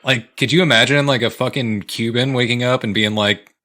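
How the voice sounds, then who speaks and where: A man's voice: medium pitch, steady tone, fairly quick, sharp tone. A man co-hosting a podcast, joking and cursing in a casual chat over drinks. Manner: profane, joking. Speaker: podcast co-host.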